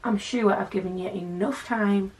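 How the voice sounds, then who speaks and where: A woman's voice: medium pitch, normal speed, a little mellow, slight background noise. A woman in her twenties with a North East English accent, chatting casually to her viewers with wry asides. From North East England. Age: 20s. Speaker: channel host. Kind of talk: casual chatty vlog unboxing.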